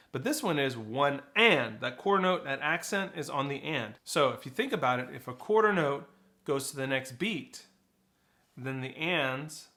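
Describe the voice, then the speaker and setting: Teaching snare drum, a man with a gravelly, mid-range voice walks through flams and rolls and counts the rhythms out loud, while loud drumming sounds in the background.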